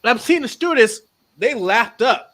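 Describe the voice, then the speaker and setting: As a podcast guest, this woman tells an animated story with plenty of energy, acting out the voices of the people in it. Her delivery is lively and exclamatory, her voice sits on the high side, and her pace is normal.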